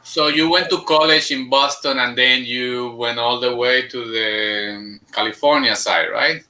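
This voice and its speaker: A man's voice: mid-range voice, measured pace, bright, forceful tone, low-quality recording. A man hosting an interview show, playful and chatty, easily switching between two languages. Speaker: podcast host. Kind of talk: casual interview chat.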